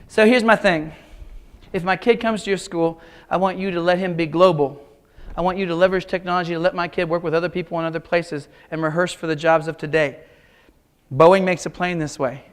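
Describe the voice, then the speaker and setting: A man in his fifties delivers a humorous keynote in a high voice. He tells wry, self-mocking stories in punchy short lines, the way a teacher holds a crowd. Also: smooth. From Kansas. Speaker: keynote speaker, art teacher.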